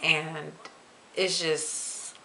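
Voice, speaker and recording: A young adult woman vlogging to camera in a chatty, expressive way, stretching words for emphasis. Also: deep voice, extremely slow, slight background noise. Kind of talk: casual chat to camera.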